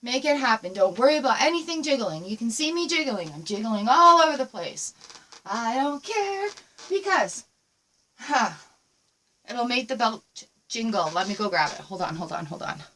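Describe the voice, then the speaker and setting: A woman's voice: fairly high pitch, sing-song, normal speed, a bit bright, a little hiss or hum. Upbeat woman dance teacher, a bit distant. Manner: upbeat, encouraging, counts moves aloud. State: a little out of breath. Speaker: dance instructor. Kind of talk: home dance lesson video. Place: room at home with a squeaky floor.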